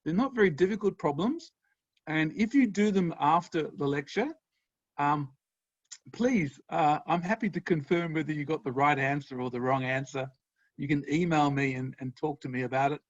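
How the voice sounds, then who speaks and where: A man's voice: fairly high pitch, normal speed, no room sound. A man with an Australian accent giving an enthusiastic, friendly online university lecture, chuckling now and then. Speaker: guest lecturer. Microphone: video call. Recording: dry, slightly dull sound.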